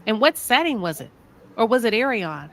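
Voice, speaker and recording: A woman's voice: fairly high pitch, sing-song, moderate pace. A woman with a Southern American accent hosting a live talk show, asking pointed, sassy rhetorical questions. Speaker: show host.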